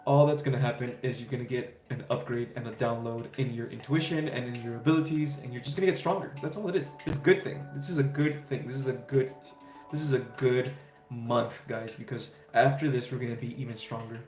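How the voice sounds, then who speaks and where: A man's voice: mid-range voice, fairly even intonation, a little fast, a little mellow. A man hosting a casual spiritual livestream, answering viewers' questions in an easygoing, reassuring way with many fillers and "right?" tags. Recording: roomy echo with faint music.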